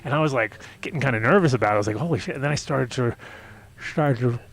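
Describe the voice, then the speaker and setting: A man hosting a casual talk show, telling a long story in a rambling, animated way and acting out his own reactions. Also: medium pitch, quick pace. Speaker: host.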